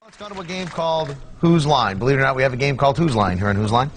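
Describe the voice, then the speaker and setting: A male host lays out the rules of an improv game in a clear, matter-of-fact way. His voice has an ordinary pitch, with faint noise behind it. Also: very fast.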